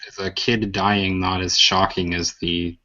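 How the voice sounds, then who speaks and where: Low-key hesitant man, muffled sound. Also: level tone, unhurried, pushed and bright. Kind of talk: casual chat while playing a game.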